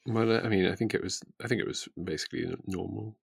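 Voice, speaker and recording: An English man co-hosting a casual podcast chat, his lowish voice roughened by a gravelly fry. He laughs often and slips in wry, deadpan jokes, recorded close and dry. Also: fast, no echo. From England. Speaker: podcast co-host.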